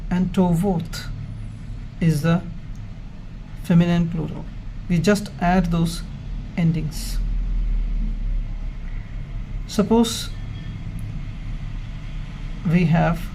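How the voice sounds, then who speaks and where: A man teaching Hebrew grammar in a slow, measured way, explaining step by step with pauses. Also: high-pitched, steady tone, creaky, mellow, slight background noise. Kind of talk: slow, methodical grammar lesson.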